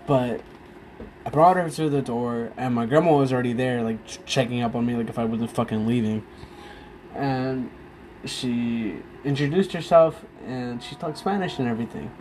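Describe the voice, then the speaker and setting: A drunk young man rambles casually in a monologue, halting often, losing his thread, and swearing freely. His mid-range voice is a little mellow, with a slight hiss or hum.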